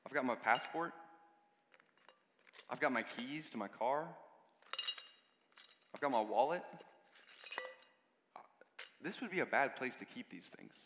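A man's voice: mid-range voice, lively intonation, a little slow, pauses often, fairly bright tone, a little hiss or hum. Guy preaching a chatty sermon, lots of asides, long echo from the hall. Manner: conversational, with many asides and repeated words.

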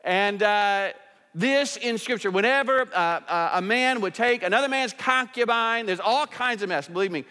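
A man preaching a sermon as pastor, emphatic, swinging between rising intensity and quiet asides. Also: high voice, long reverb tail.

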